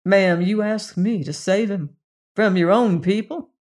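A narrator voicing a laconic, steely gunfighter who speaks in a low, slow drawl in a western audiobook story. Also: a little mellow, lightly acted. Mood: steely calm. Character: laconic cold gunman rider, calm and steely.

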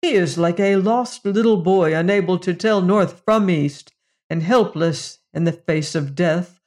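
Grave alien villager guy, formal old-style talk, slow, read by an audiobook narrator. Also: mid-range voice, a little mellow, natural voice. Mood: pleading. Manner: formal, old-fashioned speech.

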